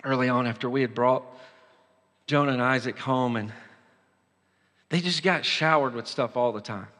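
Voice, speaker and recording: A man preaching a sermon, moving between impassioned exhortation and quieter personal storytelling. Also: mid-range voice, big-room sound. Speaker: pastor.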